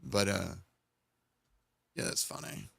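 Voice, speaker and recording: A man hosting a live stream, hoarse with his voice almost gone, mocking and laughing. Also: low voice, takes it slowly, pushed and bright, dry recording. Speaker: streamer host.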